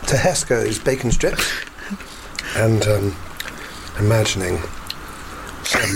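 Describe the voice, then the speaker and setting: A man's voice: fairly high pitch, expressive, noisy background. A man hosting a casual podcast chat, joking and playful. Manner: joking, playful, quick asides.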